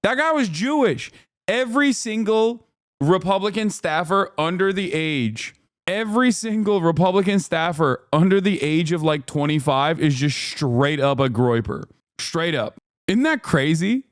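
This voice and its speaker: A man in his thirties riffs sarcastically over clips, swearing freely and jumping between mock outrage and laughter. His voice is smooth and resonant, recorded dry and close with no room sound. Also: high voice, measured pace, no room sound. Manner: profane, sarcastic, animated. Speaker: streamer reacting to videos. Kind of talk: casual streaming commentary.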